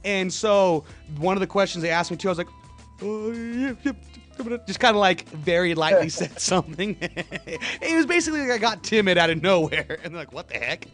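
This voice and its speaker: A young man with a high voice tells stories on a radio show in loose, slangy, laid-back chat. He laughs often as he talks. Faint music plays behind him. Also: lively intonation, fairly quick, fairly bright tone. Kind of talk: casual chat.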